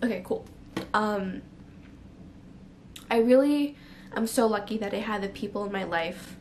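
A young adult woman with a fairly high-pitched voice speaks candidly to camera in a personal confessional vlog, emotional, full of fillers, and near tears at times. A little hiss or hum runs under the recording.

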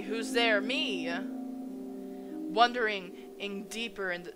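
A woman gamer reads a visual novel's narration aloud at an unhurried pace, her voice sitting in a middle range. She breaks in with startled exclamations, and game music plays clearly underneath. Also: mid-range voice. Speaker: let's play gamer.

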